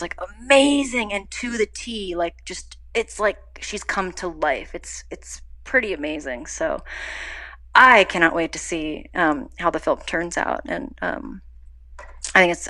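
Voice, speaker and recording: Give me a young woman being interviewed about her acting work, chatting casually and animatedly. Her voice is bright and a little tense. She acts out quoted dialogue with big jumps in pitch. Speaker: actor guest.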